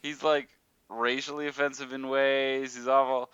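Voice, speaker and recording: Bright, crisp-voiced man chatting casually. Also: medium pitch, normal speed, no echo, dull audio. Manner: animated, rambling with many fillers. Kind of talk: casual chat about a TV show.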